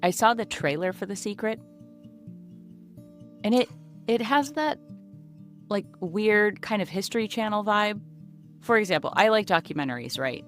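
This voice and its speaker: A woman's voice: mid-range voice, expressive, moderate pace, long pauses, a bit bright, faint music behind. A woman hosting her own podcast alone, chatting casually in a goofy, self-mocking way, recorded in a small closet. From United States. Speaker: podcast host and comedian. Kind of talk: casual solo podcast chat.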